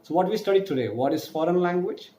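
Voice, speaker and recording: Spelling French words one letter at a time and stretching out every pronunciation, a man gives an online lesson. He speaks fast and animatedly in a high-pitched, dark-toned voice, recorded in an echoey room with faint ambience and a bit of background noise.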